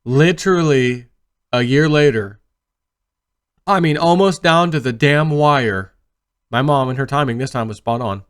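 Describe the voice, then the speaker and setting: Guy rambling thru a personal story for his channel, gets excited then trails off quiet, medium pitched. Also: measured pace, long pauses, clear, resonant tone. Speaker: video host. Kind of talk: casual storytelling monologue.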